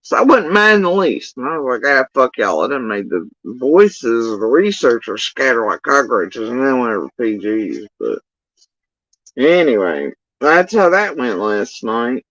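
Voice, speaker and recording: A man's voice: medium pitch, a little slow, dry recording. A man, ranting on a livestream and acting out other people's lines with lots of swearing. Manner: profane, animated storytelling with acted-out quotes. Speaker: livestream commentator. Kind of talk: casual ranting monologue. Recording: dull, dry lo-fi recording.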